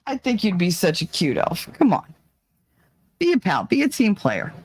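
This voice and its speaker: Woman host of a casual livestream, giggly and talkative, mid pitch, dry close sound. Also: huge pitch swings, moderate pace, a little mellow, slightly rough, no echo. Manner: chatty, laughs often, reads viewer comments aloud.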